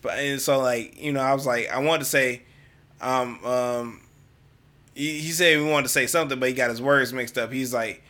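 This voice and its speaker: Bright-voiced man in loose chat. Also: mid-range voice, steady tone, moderate pace. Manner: loose, rambling storyteller full of fillers. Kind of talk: casual chat.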